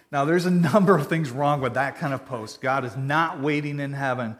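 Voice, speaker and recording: A man preaching a sermon in an earnest, conversational way, swinging from loud emphasis to quiet. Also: medium pitch, normal speed, hardly any pauses. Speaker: pastor.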